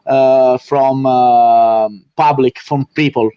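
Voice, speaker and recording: A man with an Italian accent, a native Italian speaker, hosting a live fan club interview in halting English with many fillers. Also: mid-range voice, fairly even intonation, clear, resonant tone, highs cut off. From Italy.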